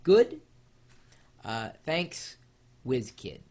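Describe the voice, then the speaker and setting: An American vlog host with a lively, swooping voice that rises and falls through every sentence. The talk is loose and rambling, full of jokey asides and easy fillers, pitched in the middle of the range. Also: drawn-out words, slightly rough. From United States. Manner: animated, rambling, joking asides. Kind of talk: casual video blog chat.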